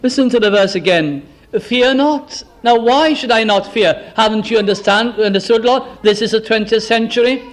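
A man preaching a sermon with fervour, asking the listeners question after question and slowing right down to stress key phrases. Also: high-pitched. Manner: fervent, asks the listeners many rhetorical questions.

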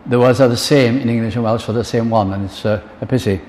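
A man's voice: medium pitch, steady tone, fast talker, hardly any pauses, a little mellow, slight background noise. An older man preaching a sermon, earnest, quoting hymn lines and acting out little dialogues. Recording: long reverb in a large hall, faint ambience.

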